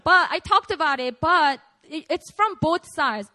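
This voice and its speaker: A young woman pastor preaches to a prayer meeting in a loose, conversational way, breaking into laughter as she goes. Her high voice swings widely in pitch and is animated, unhurried, pushed and bright. The recording is rough.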